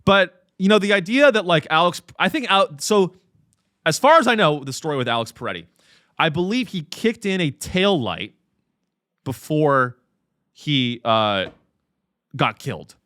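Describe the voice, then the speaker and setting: A man's voice: a little high, very animated, unhurried, pauses often, fairly bright tone, no echo, studio quality. A man hosting a comedy podcast, ranting sarcastically and profanely, with frequent fillers and restarts. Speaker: podcast host.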